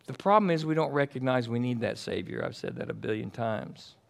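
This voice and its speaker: A man from Texas with a Texan accent preaching a sermon as pastor, swinging between loud fervent passages and quiet asides. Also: medium pitch, lively intonation, fairly quick, gravelly, few pauses.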